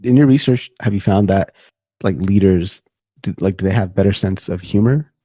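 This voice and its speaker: A man's voice: deep voice, normal speed, warm tone, no echo. A man hosting a podcast interview, asking friendly, thoughtful questions and rephrasing them as he goes. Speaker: podcast host.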